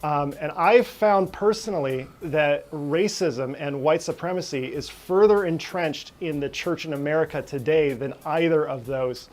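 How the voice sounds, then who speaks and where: A man who is a pastor, speaking directly and earnestly in a podcast conversation, pausing with fillers. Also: fairly high pitch, darkish tone. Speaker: pastor, guest.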